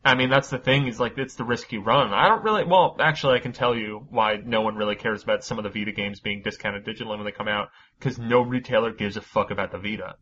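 A man hosting a podcast, chatting casually and running through news, energetic and quick to swear. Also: on the low side, muffled recording. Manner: energetic, swears freely, laughs often. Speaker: podcast host. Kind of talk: casual chat and news rundown.

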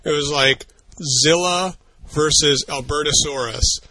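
Bright-voiced man, wry podcast chat. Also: on the high side, steady tone, unhurried, a little hiss or hum, low-quality recording. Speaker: podcast co-host.

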